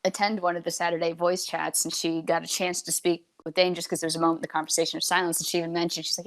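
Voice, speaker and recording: A woman co-hosting a podcast, telling a story in quick, chatty fashion with plenty of fillers. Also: on the low side, level tone. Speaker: podcast co-host. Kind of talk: casual podcast chat.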